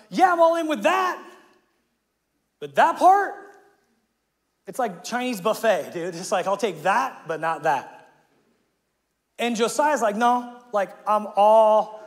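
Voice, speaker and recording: A male pastor preaching a sermon in a casual, slangy way, acting out the people in his story and laughing often. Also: sits high. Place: church auditorium. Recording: live hall with long reverb.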